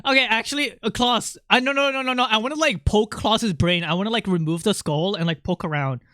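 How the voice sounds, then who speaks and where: A streamer talking through a voice changer in casual livestream chat while gaming, excitable and rambling, laughing often and reacting to chat. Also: medium pitch, brisk, no room sound, clean studio sound.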